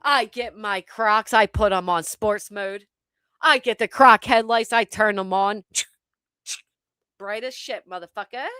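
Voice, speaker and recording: A woman hosting her channel, telling a comic story to her live chat with animated, profane delivery and dramatic pauses. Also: medium pitch, smooth, dry recording, studio quality. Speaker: channel host.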